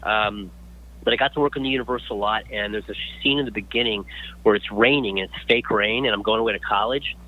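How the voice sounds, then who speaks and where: A man, a guest actor, telling stories in a casual interview, lively and full of restarts. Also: on the low side, fast, phone-quality sound. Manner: animated storyteller with many restarts.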